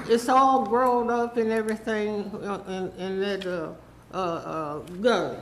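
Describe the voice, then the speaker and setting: A woman's voice: medium pitch, slow, roomy sound, a little hiss or hum, low-quality recording. A woman, rambling and pleading through a public comment at a city council meeting. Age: 80s.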